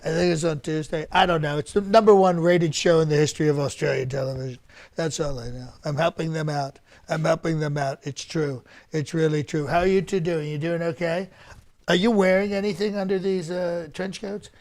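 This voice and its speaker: A man's voice: on the high side, fairly even intonation, fairly quick, a little mellow, lightly acted. A man impersonating a bragging older politician. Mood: boastful. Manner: bragging, repetitive, rambling asides. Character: boastful rambling older male politician. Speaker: comedian doing an impression. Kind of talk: live-stream comedy press conference.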